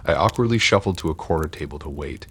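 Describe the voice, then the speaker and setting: A man reading horror stories aloud in a steady, dark scripted narration. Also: rumbling low, quick pace, breathy edge.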